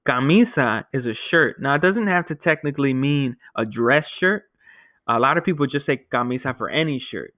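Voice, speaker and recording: A man teaching a Spanish vocabulary lesson to his class, explaining each word step by step and often checking with a quick "okay?". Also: mid-range voice, expressive, dry recording. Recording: tinny phone-like audio.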